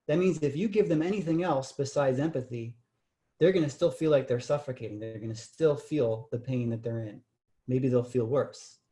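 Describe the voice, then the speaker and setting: A male communication trainer delivers a workshop lecture in a warm, relaxed voice at a medium pitch. He explains step by step and often checks in with the room using tag questions. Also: moderate pace.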